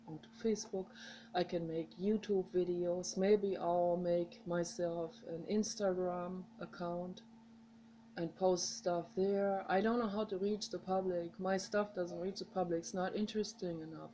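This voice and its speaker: This woman with a mother tongue vlogs direct to camera, rambling warmly and encouraging her audience in a casual monologue. Her voice is lowish and mellow, and the low-quality recording has slight background noise.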